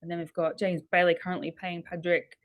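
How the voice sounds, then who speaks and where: An Australian woman rattles through a live darts draw in a brisk, matter-of-fact way, laughing easily. Her voice sits a little low for a woman. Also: little pitch movement, muffled recording. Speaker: darts co-commentator. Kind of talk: live results rundown.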